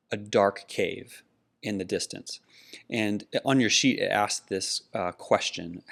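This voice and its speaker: A middle-aged man co-hosting a podcast, telling a personal story earnestly in casual conversation. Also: on the low side. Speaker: podcast co-host.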